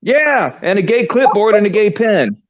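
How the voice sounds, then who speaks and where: A man's voice: high voice, sing-song, moderate pace, a little hiss or hum. A man telling a crude comic story in a profane, rambling rant on a stream. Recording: dull lo-fi stream audio.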